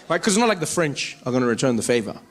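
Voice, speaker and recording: A South African man doing stand-up comedy, telling animated stories and playing with accents. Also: mid-range voice, racing. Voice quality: animated storyteller, plays with accents. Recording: live club set with audience noise.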